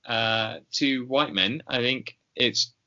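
A man co-hosting a podcast in casual chat, slow and hesitant with many ums and pauses. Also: medium pitch, sharp tone, muffled recording. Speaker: podcast co-host.

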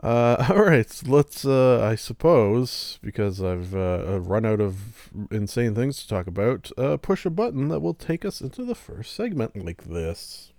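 A man's voice: mid-range voice, expressive, measured pace, few pauses, darkish tone, no echo, clean studio sound. A man hosting a solo podcast, rambling casually with goofy, self-mocking asides. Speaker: podcast host.

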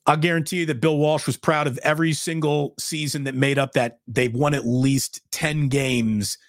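Emphatic middle-aged sports talk host. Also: male voice, on the high side, fairly even intonation, normal speed, dry recording, studio quality. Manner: emphatic, blunt, repeats himself.

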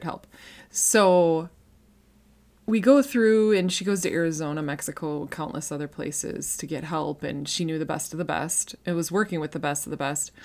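A woman in her thirties speaks in a low, dusky voice, sharing a personal faith testimony. She talks earnestly and conversationally, stumbling over restarts and fillers, and her voice carries the strain of someone close to tears. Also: vocal fry, darkish tone. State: emotional, near tears.

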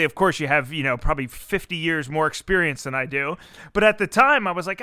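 A man's voice: high voice, normal speed, sharp tone, clean tone, no room sound, clean studio sound. A man hosting a podcast interview, talking conversationally with frequent fillers. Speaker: podcast host.

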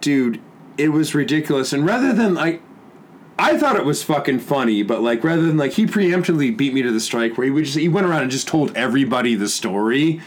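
A young adult man co-hosting a podcast, telling crude stories in a casual, profane, animated way. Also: mid-range voice, brisk. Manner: animated, profane, acts out voices loudly. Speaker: podcast co-host.

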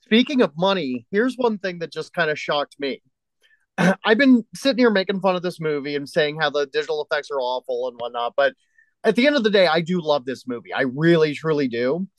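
A man's voice: a little high, lively intonation, brisk, no room sound, rough recording. A man co-hosting a podcast, chatting easily about a movie and reading facts aloud from online. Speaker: podcast co-host. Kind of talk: casual movie-review chat.

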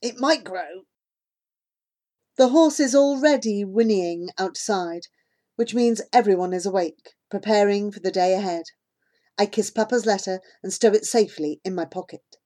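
A woman narrating a children's novel in first person as an audiobook, calm and measured. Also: mid-range voice.

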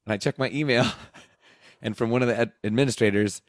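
A man's voice: medium pitch, fairly quick, no echo, studio quality. A man who works as a teacher, casually telling a rambling story and acting out the dialogue, laughing as he goes. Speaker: teacher and podcast host.

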